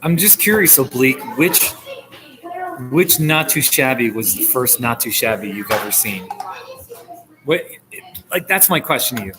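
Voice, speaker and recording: Responding to comments from his viewers, a man in his forties from the United States chats casually on a live stream, laughing frequently, his voice spiking when he's excited. He speaks in a mid-range voice at a moderate pace with long pauses, over music, in a low-quality recording.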